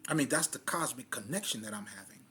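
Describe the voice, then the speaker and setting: A man's voice: medium pitch, animated, fast talker, bright, forceful tone, slight background noise. A man giving a loose, casual spiritual monologue in street slang, swearing freely and often laughing at himself. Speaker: spiritual vlogger.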